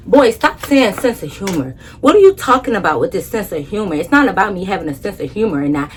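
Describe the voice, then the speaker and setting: A woman vlogger telling a story in a casual, animated, blunt way, swearing freely. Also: on the low side, quick pace, hardly any pauses, slight background noise.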